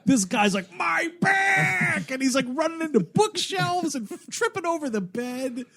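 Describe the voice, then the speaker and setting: A man's voice: very high-pitched, expressive, normal speed. A man co-hosting a comedy podcast, joking and breaking into bits. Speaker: podcast co-host. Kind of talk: casual comedic chat.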